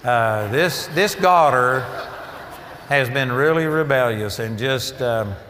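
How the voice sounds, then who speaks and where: A man's voice: mid-range voice, slow, fairly bright tone, a little hiss or hum. A man preaching a sermon, emphatic and storytelling, his voice rising for key points. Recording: long reverb of a large hall.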